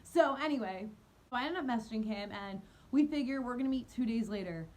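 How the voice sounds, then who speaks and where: A young woman telling a dating horror story in a storytime vlog, animated and giggly, mocking herself. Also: a little high, brisk. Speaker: vlogger.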